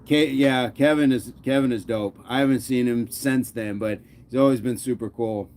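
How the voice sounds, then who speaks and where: A man's voice: medium pitch, fairly even intonation, moderate pace, darkish tone, slight background noise. A man hosting a fitness channel, chatting casually with his live chat, joking often and laughing. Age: adult.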